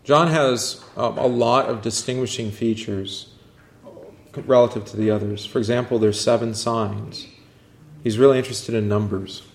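A man with a voice of ordinary pitch leads an informal Bible class, wandering between points and firing questions at the room. His delivery lifts and gets more animated when he reads out scripture passages. A faint hiss of noise sits under the recording. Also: moderate pace, reverberant.

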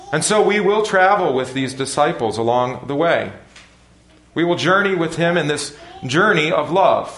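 A man preaching a sermon in a measured, earnest manner with deliberate pauses. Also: medium pitch, a bit bright, roomy sound. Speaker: pastor.

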